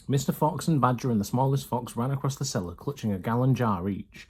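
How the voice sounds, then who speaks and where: A man reading a children's storybook aloud in a steady, even storytelling manner. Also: medium pitch, a little fast, hardly any pauses, slightly rough. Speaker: reader.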